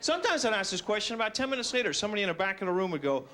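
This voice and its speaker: A man doing a stand-up routine, self-mocking and animated, slipping into silly voices. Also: high voice, rapid-fire. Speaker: stand-up comedian.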